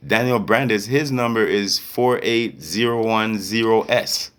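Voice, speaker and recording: A man's voice: on the low side, unhurried, fairly bright tone, smooth. A man in an angry, confrontational rant to camera as a vlogger, repeatedly checking that listeners follow him. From Canada. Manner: confrontational, repeats "you get me".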